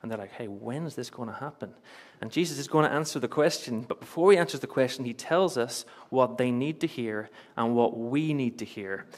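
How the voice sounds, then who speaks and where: A young man from Northern Ireland preaches a sermon in a church, sharing personal stories with earnest, emphatic repetition and light chuckles. His mid-range voice moves a little fast, with few pauses.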